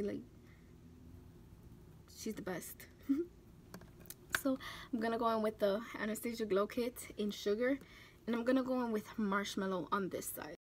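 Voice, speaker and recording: A young woman talking through her tears while doing her makeup on camera, halting and restarting often. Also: mid-range voice, darkish tone, slight background noise. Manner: tearful, halting, many restarts and fillers. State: close to tears. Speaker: beauty vlogger. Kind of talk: emotional talk during a makeup tutorial.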